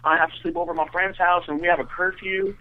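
A man voicing a small young woman, high-pitched and girlish, anxious and pleading, on a tinny phone-like recording. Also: fairly even intonation, quick pace, lightly acted.

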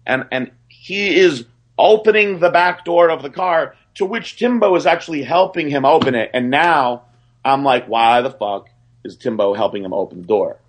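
Man telling a story, animated and profane. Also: medium pitch, moderate pace. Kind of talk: casual storytelling on a podcast.

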